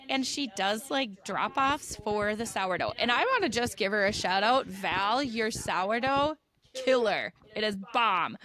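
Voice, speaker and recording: A woman from Wisconsin with a Midwestern accent, co-hosting a casual sister podcast, chatty and rambling and quick to laugh. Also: fairly high pitch, bright, forceful tone. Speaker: podcast co-host. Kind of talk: casual chat between sisters.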